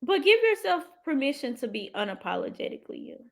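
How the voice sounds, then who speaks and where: A woman hosting a motivational live stream. She talks in an animated, heartfelt way, lets out sudden whoops and calls her viewers "y'all". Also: high voice, quick pace, gravelly. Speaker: livestream host and financial coach.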